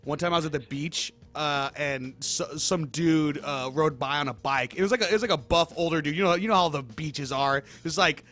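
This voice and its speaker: A man co-hosting a casual chat, an animated storyteller who laughs often. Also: a little high, fairly quick, hardly any pauses. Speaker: co-host.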